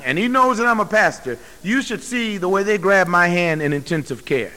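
A man's voice: sits high, big pitch swings, a little fast, hardly any pauses, sharp tone, long reverb tail. A man preaching a sermon as a pastor, speaking bluntly and emphatically to his congregation.

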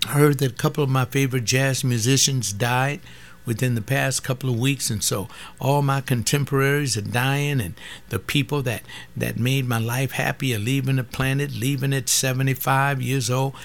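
Older man, gravelly voice, mid pitch, impassioned solo webcast talk. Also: steady tone, normal speed. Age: 70s. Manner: impassioned, rising to outrage. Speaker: webcast host. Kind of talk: casual monologue commentary.

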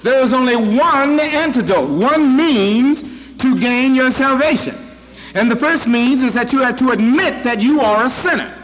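A man's voice: extremely high pitch, expressive, measured pace, in a large hall. A male preacher giving an emphatic, repetitive sermon, speaking directly to his congregation in a church.

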